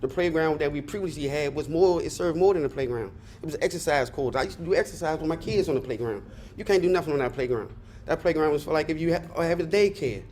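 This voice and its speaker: A man's voice: on the high side, fast talker, darkish tone, a little hiss or hum. A middle-aged man speaking as a community member at a public hearing, earnest and frustrated, rambling as he speaks.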